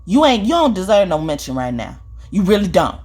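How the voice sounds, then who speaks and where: A woman's husky voice rises and falls widely as she delivers a spiritual reading. She scolds and swears at an unnamed listener, says the same line again and again, and closes her points with a pointed "okay?". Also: medium pitch, big pitch swings, brisk, darkish tone. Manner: profane, scolding, repeats herself, says "okay?" often. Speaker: spiritual reader. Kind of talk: confrontational spiritual vlog monologue.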